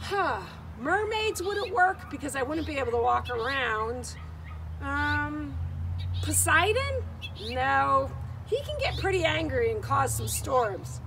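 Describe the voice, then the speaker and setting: Playful, high-voiced woman art teacher. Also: very animated, slow, gravelly, distant mic, background noise. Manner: playful and theatrical, talking to children. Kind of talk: children's video lesson.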